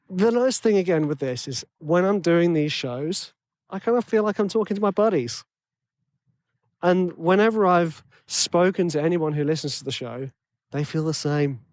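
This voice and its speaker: An excitable man with a tenor voice talks straight into a podcast mic, rambling and poking fun at himself. His voice sits fairly high for a man, and the sound is close and dry with no room around it. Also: dry recording. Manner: excitable, rambling, self-deprecating, chatty with restarts. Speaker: podcast host and composition coach. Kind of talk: casual solo podcast monologue.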